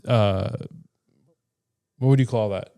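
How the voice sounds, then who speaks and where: A man's voice: on the low side, slow pace, creaky, mellow. A young man co-hosting a podcast, chatting casually and rambling with frequent restarts. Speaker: podcast co-host. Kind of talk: casual chat.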